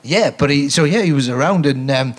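A man telling a rambling, animated showbiz anecdote as a comedy guest on stage at a podcast recording. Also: fairly high pitch, brisk. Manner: rambling, animated storytelling with restarts and laughs.

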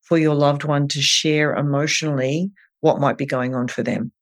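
An eating disorder clinician on an interview, explaining in a gentle, earnest way, step by step. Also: medium pitch, fairly even intonation, moderate pace. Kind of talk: advice in an interview.

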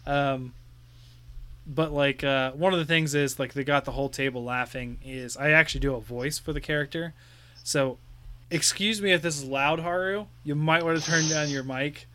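A man's voice: on the high side, steady tone, moderate pace, sharp tone. A young man co-hosting a podcast, chatting loosely with many fillers and laughs. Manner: rambling, laughing, full of fillers. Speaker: podcast co-host. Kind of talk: casual chat.

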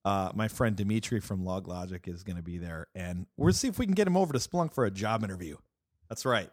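A man co-hosting a casual tech podcast, joking and making playful asides, sometimes trailing off quietly. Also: deep voice, animated, fairly quick, no room sound, studio quality. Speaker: podcast co-host.

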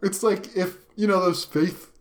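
A man's voice: sits high, steady tone, unhurried. A man co-hosting a podcast, joking and bantering in casual chat. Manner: playful, jokey banter. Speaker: podcast co-host.

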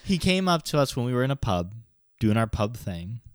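A man's voice: medium pitch, sing-song, fairly quick, smooth, no echo, studio quality. A middle-aged man co-hosting a casual podcast chat, talking loosely and laughing as he acts out little scenes. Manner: chatty, laughs often, acts out quotes. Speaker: podcast co-host.

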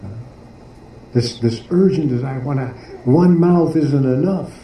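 A man giving a devotional class who explains a poem haltingly, often pausing and searching for words. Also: medium pitch, dark tone. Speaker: spiritual teacher. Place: devotional garden venue in Philadelphia. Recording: echoey room, distant mic, faint noise.

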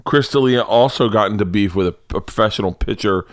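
This Southern American podcast host talks fast in a lowish voice, cursing and wandering off on tangents during lighthearted, comedic conversation. He's animated throughout, and the recording carries no room sound.

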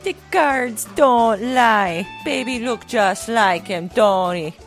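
Scammy female psychic, put-on Jamaican accent, unhurried sales patter, voiced by a woman. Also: on the high side, soft background music. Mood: smug. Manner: salesy, brash, self-assured. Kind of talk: comedy sketch parody ad.

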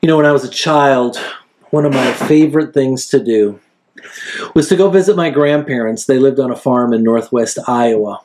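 A man preaching a sermon in a relaxed, conversational way, telling stories and acting out quoted speech. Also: moderate pace. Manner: storytelling, acts out quoted speech with big pitch jumps; conversational, frequent fillers. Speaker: pastor.

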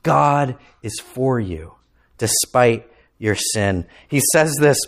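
A man preaching a sermon as pastor, impassioned, climbing to emphatic peaks and then dropping low and quiet. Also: animated, slow pace.

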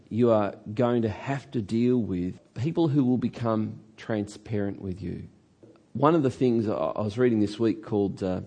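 A male pastor preaching a sermon in a church hall, telling a story with animated delivery and drawn-out key words. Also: on the low side, vocal fry, breathy edge.

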